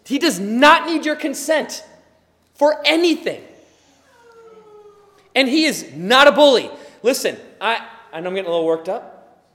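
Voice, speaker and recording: A man preaching a sermon as pastor, impassioned and building to emphatic, forceful delivery. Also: extremely high pitch, lively intonation, measured pace, pauses often, long reverb tail.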